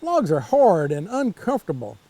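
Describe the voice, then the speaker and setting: A man's voice: sits high, wildly swooping pitch, moderate pace, dark tone, heavily acted. An older man voicing a fussy, complaining male frog in a storybook read-aloud, asking whiny, pleading questions.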